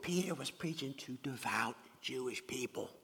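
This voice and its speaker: A man's voice: mid-range voice, expressive, normal speed, slightly rough. Earnest male pastor preaching in a reverberant hall. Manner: earnest, repeats words, swings from loud emphasis to quiet drops. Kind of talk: sermon.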